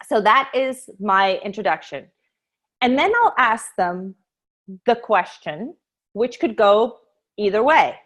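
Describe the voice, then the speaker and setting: A woman teaching over a video call, with an average pitch and a brisk, chatty delivery. She walks through her sales pitch and slips into acting out her lines to customers. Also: animated, fairly bright tone. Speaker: essential oils sales trainer. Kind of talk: casual screen-share training talk.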